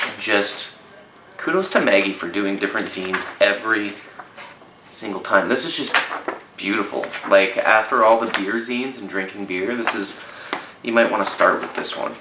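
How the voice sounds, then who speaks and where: A man's voice: lowish voice, normal speed, echoey room, background noise. A man with a Canadian accent reviewing zines in an enthusiastic, chatty vlog, swearing casually now and then. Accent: Canadian English. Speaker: zine reviewer.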